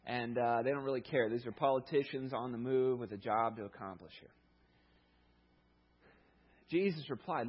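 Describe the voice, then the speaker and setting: A male pastor preaching a sermon in a conversational, animated storytelling manner, heard through a dull, lo-fi recording. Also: medium pitch, normal speed, pauses often, husky.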